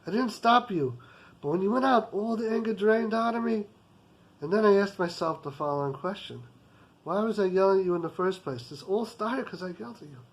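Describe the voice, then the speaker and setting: A man's voice: sits high, expressive, fairly quick, low-quality recording. A man voicing a rich, hot-tempered business boss who talks in an intense, emphatic way. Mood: remorseful.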